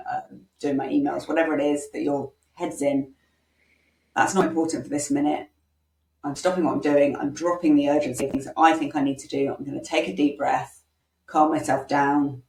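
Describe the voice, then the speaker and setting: Coaching parents in a casual online workshop, a low-voiced woman speaks loosely and conversationally, with plenty of ums, sometimes dropping into sample phrases aimed at kids. Her tone is a little mellow, and she sounds roomy and slightly far from the mic.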